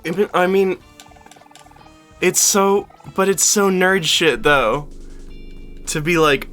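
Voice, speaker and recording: Streamer, bright voice, faint music behind, casual gameplay chat, rambling, self-interrupting. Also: medium pitch, slow, long pauses. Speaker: streamer playing a game with friends.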